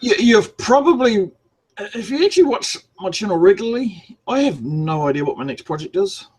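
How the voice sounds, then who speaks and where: NZ-accented male guest, rambling storyteller, high-pitched and husky. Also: sing-song, moderate pace, a little mellow. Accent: New Zealand. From New Zealand. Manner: rambling, self-deprecating storyteller. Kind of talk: casual podcast chat.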